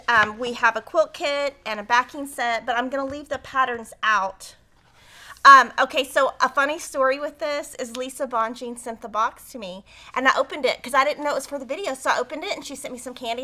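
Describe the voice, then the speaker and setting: A middle-aged woman with a high, bright voice hosts a quilt shop livestream, chatting casually before moving into a quilting tutorial. Excitable and rambling, she fills her talk with plenty of "um" and "like."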